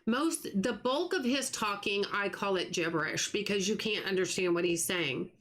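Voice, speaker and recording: A middle-aged American woman hosting a live stream, chatting earnestly with viewers and often restarting her sentences. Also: medium pitch. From United States. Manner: earnest, talks fast when excited, trails off and restarts. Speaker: livestream gaming host. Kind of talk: casual chat with live viewers.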